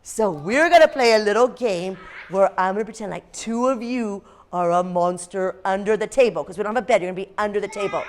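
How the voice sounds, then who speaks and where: A woman teacher reading aloud and leading games in a classroom, lively and expressive with playful gasps. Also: medium pitch, a little fast, few pauses.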